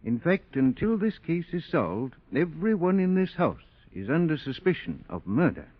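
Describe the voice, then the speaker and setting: Steady, grave detective lead, lively inflection, dry and muffled 1940s radio tone. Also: male voice, a little high, normal speed, dry recording. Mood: stern. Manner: grave and firm. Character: calm, authoritative male detective, middle-aged. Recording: muffled old radio broadcast.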